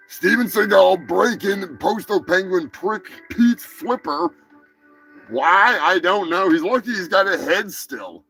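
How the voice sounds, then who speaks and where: A gravelly-voiced man hosts a crude comedy show, talking slowly and rambling between profanities. He breaks into yelling outbursts now and then. Faint music plays behind him. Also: high-pitched, poor audio.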